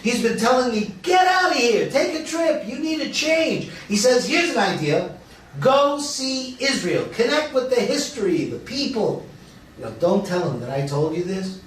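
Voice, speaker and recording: Older man, quick jokes, wide lively pitch, fairly high voice; a man plays it on a roomy, far-off video-call line with faint hiss. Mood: joking. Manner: jokey, chatty, laughs at his own lines. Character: wisecracking older man, restless and joking. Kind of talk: virtual play reading. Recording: echoey, distant video-call audio with faint noise.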